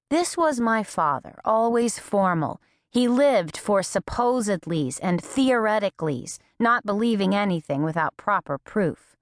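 Woman, audiobook narrator; calm first-person reading, dry booth sound. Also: medium pitch, a little slow, no room sound.

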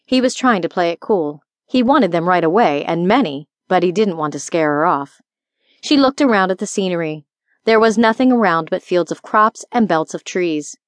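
Woman reading a fantasy audiobook, steady, dry close mic. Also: lowish voice, normal speed, no echo. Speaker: audiobook narrator. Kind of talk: scripted narration.

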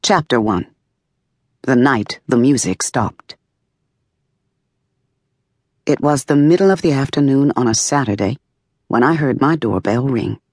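A woman reading a memoir aloud as an audiobook, in a measured, expressive first-person narration. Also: extremely low pitch, breathy edge, dry recording, studio quality. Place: dry recording booth. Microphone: close studio mic.

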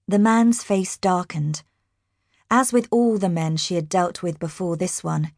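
Reading from a fantasy novel, a woman audiobook narrator delivers scripted narration at a steady, even pace. Her voice sits lowish, and the studio-quality recording has no echo.

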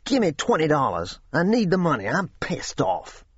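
A man voicing a volatile, crude young man of about nineteen who shouts profanity in drawn-out bursts. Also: on the high side, huge pitch swings, slightly rough, dry recording, lo-fi sound, voice pushed up, full character voice. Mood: furious.

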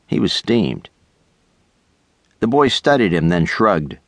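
A middle-aged man narrating a children's audiobook with lively, expressive storytelling on a close studio mic. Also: fairly low pitch, slow pace, pauses often, no echo. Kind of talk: scripted narration.

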